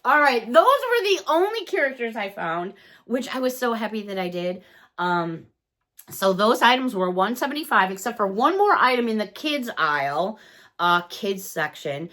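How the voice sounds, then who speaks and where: Woman, excitable haul chatter, high bouncy voice. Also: moderate pace. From Chicago, USA. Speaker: haul vlogger. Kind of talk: casual unboxing chat.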